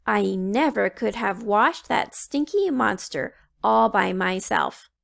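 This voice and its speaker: A woman's voice: mid-range voice, animated, takes it slowly, vocal fry, a bit bright, full character voice. A woman voicing a brave storybook princess who leads the heroes, speaking firmly. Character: brave heroic storybook princess, bossy leader. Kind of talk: storybook read-aloud.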